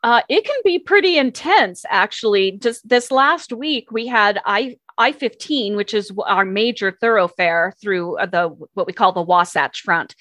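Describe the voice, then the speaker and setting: A woman, a traffic and news radio reporter, telling stories with lively enthusiasm in a casual interview. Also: mid-range voice, measured pace, few pauses, no echo. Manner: animated, enthusiastic storyteller.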